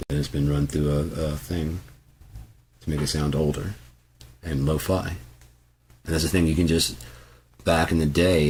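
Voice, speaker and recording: Male host, very low voice, chatty and profane, casual off-the-cuff delivery. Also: slight background noise. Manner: loose, profane, full of asides and restarts. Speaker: music channel host. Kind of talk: casual rambling talk to camera.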